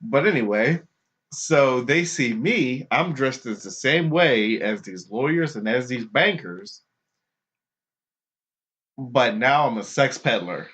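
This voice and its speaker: A man hosting a podcast, telling a story casually and putting on high mocking voices for the people he quotes, laughing often. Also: expressive, slow pace, a bit bright, breathy edge. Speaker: podcast host. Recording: dull lo-fi podcast recording.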